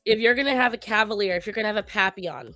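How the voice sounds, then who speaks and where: A woman co-hosting a casual talk show, speaking to her viewers and giving pet advice in an animated way. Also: medium pitch, rapid-fire, no room sound, faint music behind. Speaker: co-host. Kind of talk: casual chat.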